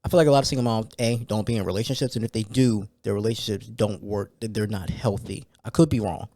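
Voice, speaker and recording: A man hosting a solo podcast in a loose, conversational way, full of fillers and sudden excited rants. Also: on the low side, quick pace, no room sound, studio quality. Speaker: podcast host. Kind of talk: casual solo podcast talk.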